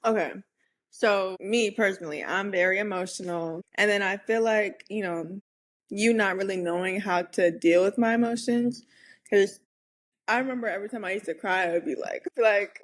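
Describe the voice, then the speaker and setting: A woman's voice: mid-range voice, fairly quick. A young woman speaking openly and thoughtfully as a guest in a casual chat, with many casual fillers. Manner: open, thoughtful, filler-heavy. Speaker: guest, host's daughter.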